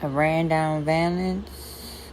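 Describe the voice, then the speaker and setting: A woman with a New Orleans accent calmly walking through a route step by step. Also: low-pitched, drawn-out words, a little hiss or hum, low-quality recording. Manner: plain, step-by-step describing. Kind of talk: slow route narration.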